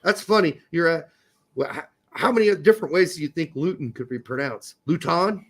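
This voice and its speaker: Animated, profane man talking soccer. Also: fairly high pitch, brisk. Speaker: podcast co-host. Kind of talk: casual sports chat.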